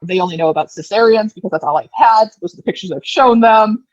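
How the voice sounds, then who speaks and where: A woman's voice: mid-range voice, quick pace, dry recording, highs cut off. A woman in her thirties, a podcast guest, telling a personal story in a casual way and acting out the lines people said. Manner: lively retelling, acting out quoted lines.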